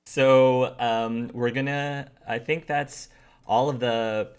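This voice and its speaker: A man's voice: medium pitch, fairly even intonation, slow, smooth. A man hosting as game master, chatting casually and giving earnest, emphatic praise to his players. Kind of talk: casual chat.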